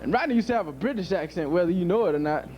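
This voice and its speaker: Give me a high, lively male stand-up comic. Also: racing, highs cut off, soft background music, some chatter behind. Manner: loose, profane, laughing at his own jokes. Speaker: stand-up comedian. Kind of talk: stand-up set. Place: comedy club stage.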